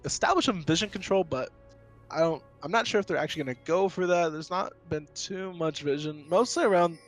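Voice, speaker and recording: A man's voice: on the high side, brisk, soft background music. A man doing play-by-play commentary on an esports match, speeding up when fights break out. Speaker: esports caster.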